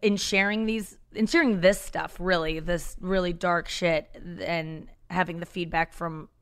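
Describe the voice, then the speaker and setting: Frank, self-deprecating woman with a smooth voice. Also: lowish voice, steady tone, a little slow. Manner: frank, self-deprecating, rambling with many restarts. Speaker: comedian guest. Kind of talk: candid podcast conversation.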